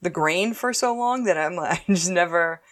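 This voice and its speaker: Low-voiced chatty woman. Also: normal speed. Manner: chatty, laughs often, animated storytelling. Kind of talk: casual chat.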